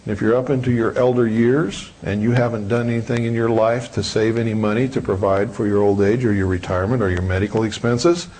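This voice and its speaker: A man's voice: fairly low pitch, fairly even intonation, a little fast, hardly any pauses, a little mellow, slight background noise. A man giving a live lecture to an audience in a hall, blunt, combative and preachy. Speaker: public speaker.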